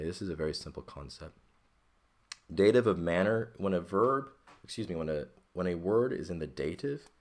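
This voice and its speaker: A man teaching a Greek grammar lesson, working patiently step by step and often checking in with "okay?". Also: low-pitched.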